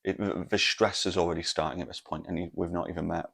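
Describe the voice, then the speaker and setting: A man's voice: low voice, fairly even intonation, quick pace, vocal fry, a bit bright. A man, telling a rambling, sweary story on his podcast. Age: 40s. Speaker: podcast host. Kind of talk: casual storytelling monologue.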